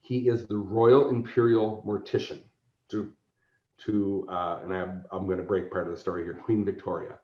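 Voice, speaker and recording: This convention organizer, a guest on a relaxed podcast, brings his stories to life by voicing the characters himself. He talks at a moderate pace in a low-sitting voice, and the audio has a roomy, somewhat dull quality.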